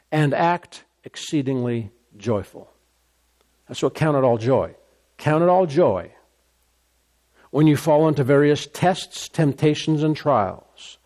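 A man preaching a sermon, emphatic and repetitive, his voice rising high when he gets excited. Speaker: pastor.

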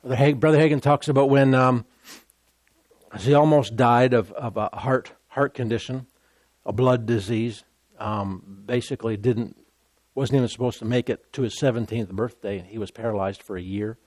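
A man preaching a sermon, emphatic and repetitive, stumbling over repeated words and breaking into laughter and loud exclamations. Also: medium pitch, steady tone, normal speed, no room sound.

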